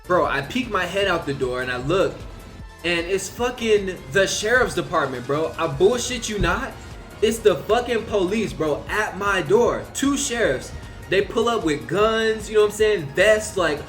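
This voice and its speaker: A young man with a high voice tells a personal story in a loose, rambling way. He fills his talk with fillers and swearing, and faint music plays behind him. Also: animated, normal speed, fairly bright tone. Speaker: vlogger. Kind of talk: casual storytelling.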